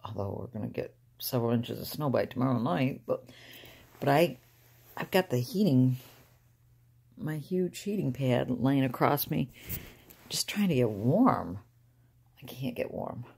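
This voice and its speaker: An older woman speaks from inside a car in a dark, mellow voice with plenty of gravelly fry. She rambles softly and haltingly to her viewers, losing her thread, trailing off and sighing between thoughts. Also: very deep voice. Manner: soft-spoken, halting, trailing off with sighs. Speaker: vlogger. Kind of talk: rambling casual talk to camera.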